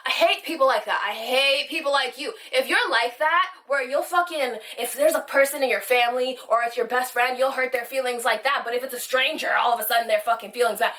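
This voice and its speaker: Young woman vlogger, high and bright, swearing her way through a fired-up storytime, sitting a little off from the mic. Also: brisk, few pauses, distant mic. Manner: rambling, heated, swears constantly. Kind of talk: storytime vlog. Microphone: phone camera.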